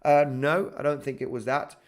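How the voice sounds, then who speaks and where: English-accented guy doing a live crypto chart stream, chatty, keeps saying okay and right, mid pitch. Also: fairly even intonation, normal speed. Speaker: crypto trading livestream host. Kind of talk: live market analysis reading chat.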